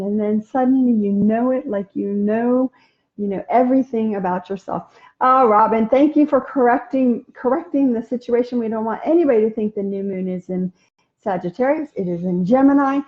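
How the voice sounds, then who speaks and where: A woman's voice: fairly high pitch, phone-quality sound. A woman hosting a casual inspirational live stream, chatting and answering viewer comments with many ums and restarts.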